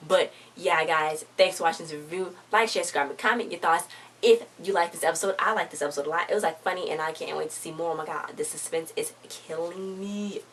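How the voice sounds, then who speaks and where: A woman's voice: lowish voice, quick pace, far from the mic, slight background noise. A woman reviewing a TV episode in a casual, rambling recap, stringing the story together with "so then she's like.".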